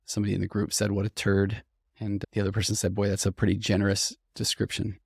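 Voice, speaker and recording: Speaking fast with a gravelly, somewhat low voice and a breathy edge, a middle-aged man records in a studio with no room sound. As a podcast host and therapist, he reads listener stories aloud in a conversational monologue, reflecting earnestly and becoming animated when quoting them.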